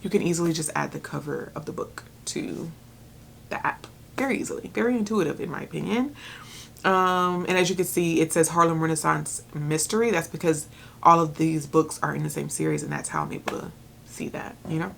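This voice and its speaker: An excitable woman in her thirties chats to her viewers about her books. Her voice sits on the low side and has a gravelly fry. A faint background hiss runs under the talk. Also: a little fast. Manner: chatty and excitable, with filler words. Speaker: book vlogger. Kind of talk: casual chat.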